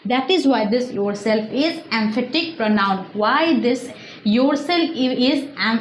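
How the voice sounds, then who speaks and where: Woman, school teacher, slow deliberate delivery, checks understanding often, echoey room. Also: on the high side, slight background noise. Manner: slow, repetitive explaining with frequent "okay", "clear?" checks. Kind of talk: classroom grammar lesson.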